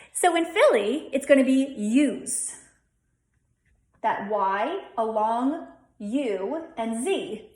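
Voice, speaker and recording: A woman with a Delco accent gives a phonetics lesson at a whiteboard. She talks slowly in a slightly high voice and repeats each example sound several times. The room gives her voice a noticeable echo. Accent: Delco (Delaware County, Pennsylvania). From Delaware County, Pennsylvania. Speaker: dialect coach.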